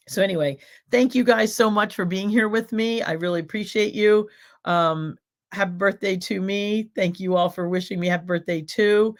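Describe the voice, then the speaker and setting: A woman hosting a casual home livestream, chatting and rambling directly to her viewers. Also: on the low side. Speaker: cooking show host. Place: home, by a back window.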